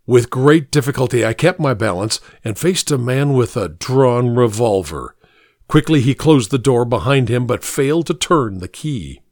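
A male storyteller reads a suspense tale slowly and deliberately, his pitch rising and falling with lively expression. The voice sits at a middle pitch. The recording is dry and close, with no room echo. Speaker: narrator. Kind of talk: dramatic first-person story reading.

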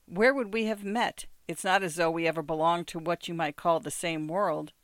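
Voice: medium pitch, steady tone, moderate pace, a bit bright, no echo, natural voice. A reader voicing a wry man teasing an old flame. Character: wry middle-aged man meeting a former lover.

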